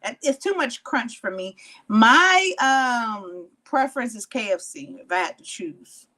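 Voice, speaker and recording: A woman's voice: on the high side, lively intonation, a little slow, bright, forceful tone. A woman guesting on a podcast, talking bluntly and playfully with plenty of swearing. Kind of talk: casual podcast chat.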